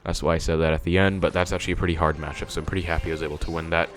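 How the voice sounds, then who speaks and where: A man's voice: low voice, little pitch movement, very fast. A young man giving casual commentary on his own gameplay, thinking aloud with many fillers. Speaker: gaming video creator.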